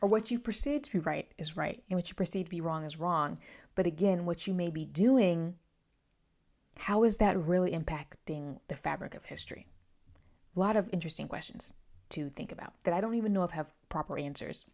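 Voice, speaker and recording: Young woman, lowish voice, chatty book-vlog host who talks with asides and self-corrections. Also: a little fast, vocal fry, darkish tone. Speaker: book reviewer. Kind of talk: casual book review vlog.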